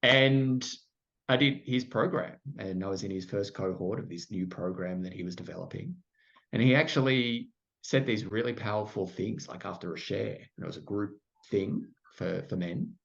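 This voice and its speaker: A podcast guest, a middle-aged Australian man, tells his story candidly at normal speed. His voice is on the low side, creaky, and fairly bright, and he fills his talk with "like" and self-deprecating asides, heard through muffled lo-fi sound.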